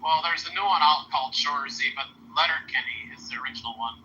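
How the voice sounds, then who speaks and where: A man's voice: fairly high pitch, fast, sharp tone. A man chatting on a podcast, casually explaining and telling short stories. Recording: muffled online call audio, faint hiss.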